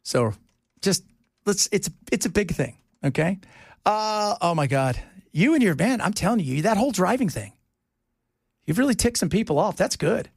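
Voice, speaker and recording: A male radio talk show host with a fairly high voice that swings widely in pitch. He jokes and teases in loose on-air banter and slips into other people's voices when he quotes them. The sound is close and dry, like a studio mic. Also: moderate pace, creaky, husky, dry recording. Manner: joking, teasing, animated.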